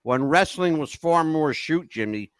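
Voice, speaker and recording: Animated older man telling stories. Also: fairly high pitch, a little slow, clear, resonant tone, no echo. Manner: animated storyteller, emotional swings. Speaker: podcast host. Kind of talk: casual chat.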